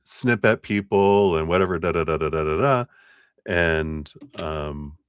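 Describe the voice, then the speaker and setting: Deep voiced guy doing a live tarot stream, laughs a lot, dry close mic. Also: measured pace, clear, resonant tone, no echo. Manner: chatty storyteller, laughs often, acts out quoted voices. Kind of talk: casual live-stream reading and chat.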